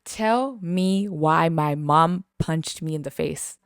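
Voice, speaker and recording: A woman's voice: sits low, takes it slowly, clean tone, no echo, clean studio sound. Young woman telling a story, lots of "like". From western Canada. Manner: animated, laughs often, heavy use of "like", acts out quotes. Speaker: podcast host. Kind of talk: casual storytelling.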